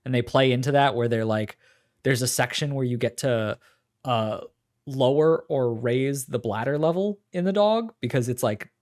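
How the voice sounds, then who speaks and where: A man co-hosts a casual podcast, recapping game demos in a loose, rambling way. He uses lots of fillers and his voice sits at an ordinary middle pitch. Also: normal speed, darkish tone. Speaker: podcast co-host.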